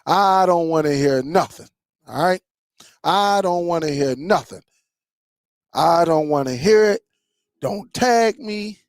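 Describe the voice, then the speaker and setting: Grumbling high-voiced man ranting to camera. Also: slow, long pauses, smooth, dry recording, clean studio sound. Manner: animated, repeats himself, grumbling football rant. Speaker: tech channel host. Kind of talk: casual ranting to viewers.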